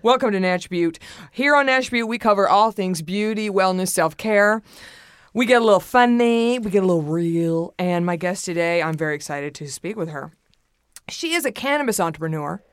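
A woman's voice: mid-range voice, normal speed, clean tone, no echo, clean studio sound. Bubbly Southern woman hosting a podcast. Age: 30s. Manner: bubbly, playful, self-mocking. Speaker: podcast host. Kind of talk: casual beauty podcast chat.

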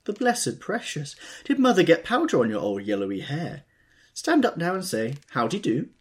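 Man reading as gushing young society woman, crooning, animated. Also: a little high, normal speed, pitched above the performer's own voice.

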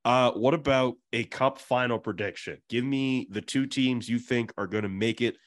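A man hosting a casual sports podcast, running the talk with playful, animated banter. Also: mid-range voice, normal speed. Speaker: podcast host.

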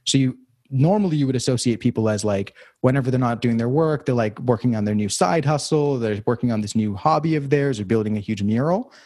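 A young man with a mid-range, warm voice talks through his thoughts in a casual conversation at a brisk pace. He rambles reflectively, with lots of fillers and restarts. There's no echo.

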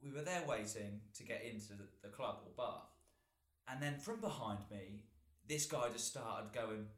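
A man's voice: medium pitch, lively intonation, measured pace, bright, forceful tone. Roomy-sounding British young man telling stories. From Britain. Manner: rambling storyteller, laughs often. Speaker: podcast co-host. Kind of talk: casual chat, anecdote telling. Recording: roomy echo.

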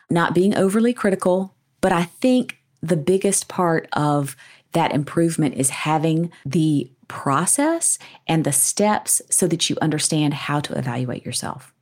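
A woman's voice: fairly low pitch, darkish tone. A woman author and communication coach answering interview questions in an upbeat, explanatory way, often adding tag questions.

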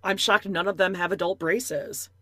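A woman's voice: lowish voice, moderate pace, dry recording. Sarcastic woman co-hosting a podcast. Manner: sarcastic, animated, mock-reading quotes. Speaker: podcast co-host. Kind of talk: casual chat recapping a reality show.

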